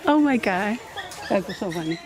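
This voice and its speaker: A woman visiting a wildlife sanctuary on a tour, talking in an excited, exclaiming way. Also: mid-range voice, normal speed. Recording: crowd chatter and animals behind.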